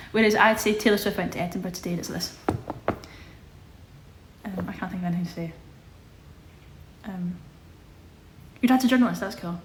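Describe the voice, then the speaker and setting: A young woman chatting casually on a live stream, reading out viewer questions and answering them. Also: mid-range voice. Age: young adult. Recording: echoey room with faint ambience.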